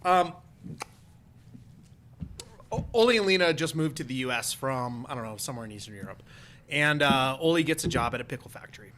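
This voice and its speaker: Bright-voiced man telling a rambling joke. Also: medium pitch, expressive, slight background noise. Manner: rambling, halting storyteller with restarts. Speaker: guest. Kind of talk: casual podcast chat, telling a joke.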